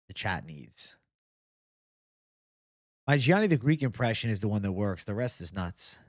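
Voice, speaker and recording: A man's voice: mid-range voice, no room sound, studio quality. A young man from Boston hosting a casual live chat. He talks loosely and swears a lot. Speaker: livestream host.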